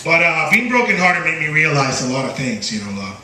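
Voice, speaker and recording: A man doing stand-up on a small bar stage, his delivery halting and full of uh and restarts. His pitch swings widely and sits fairly high. He is picked up from across an echoey room, with bar noise clearly underneath. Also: big pitch swings, recorded from a distance. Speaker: stand-up comedian. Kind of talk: stand-up comedy set. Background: bar crowd ambience and laughter.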